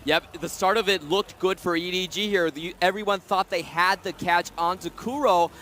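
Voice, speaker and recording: A man analyzing an esports game in a measured way, walking through the play. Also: high-pitched, fairly even intonation, fairly bright tone, slight background noise.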